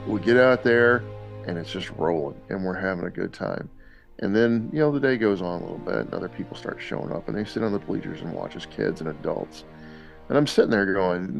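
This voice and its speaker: A man casually telling lively anecdotes on a podcast, laughing often. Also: sits low, brisk, creaky, soft background music. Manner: animated storyteller, laughs often. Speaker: podcast guest dad. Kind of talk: casual storytelling.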